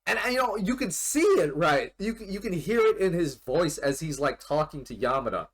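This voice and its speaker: A man giving casual commentary in an anime reaction video, talking in a rambling, animated way with some casual swearing. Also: fairly high pitch, moderate pace, slightly rough.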